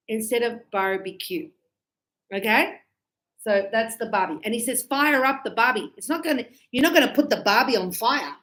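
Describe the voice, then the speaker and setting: A woman's voice: on the high side, lively intonation, moderate pace, a bit bright. A woman with an Australian accent teaching English, explaining phrases in a chatty way with acted examples. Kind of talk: online language lesson. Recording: echoey room.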